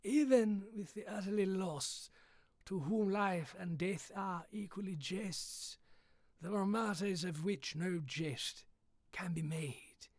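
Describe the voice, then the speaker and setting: A stately English gentleman narrates a gothic tale slowly and theatrically, as a man puts him on. The voice sits a little high and hushed, recorded close and dry with no room sound around it. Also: no echo, heavily acted. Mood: solemn. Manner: slow, hushed, theatrical delivery.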